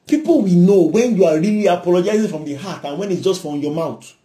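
A Nigerian-accented man preaches in a high, mellow voice. He is emphatic, hammers his points with repetition and drops in frequent hallelujahs. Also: expressive, quick pace. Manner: emphatic, repeats himself, punctuates with hallelujah. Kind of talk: sermon.

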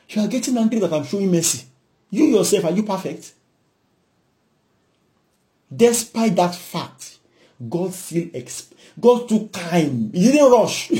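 A man with a Nigerian accent preaching a sermon, exhorting and shifting between loud and hushed. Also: high-pitched.

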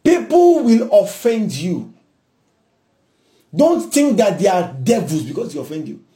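A man's voice: high-pitched, sing-song, a little slow, dark tone. A man with a Nigerian accent preaching a sermon, emphatic, repeating points and punctuating with hallelujah.

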